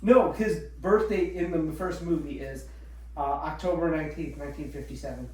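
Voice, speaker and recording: A man in his forties joking around as a podcast guest, now and then putting on mocking voices for the people he quotes. His voice sits a touch high for a man. He sounds set back from the mic in a very echoey room. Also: normal speed. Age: 40s. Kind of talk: casual podcast chat. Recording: roomy echo, far from the mic.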